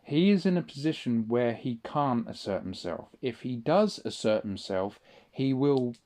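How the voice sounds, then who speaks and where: A man's voice: medium pitch, expressive, unhurried, a little mellow. A man in a casual spoken monologue, rambling and swearing often, with frequent restarts. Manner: rambling, profane, restarts a lot. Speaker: audio diarist.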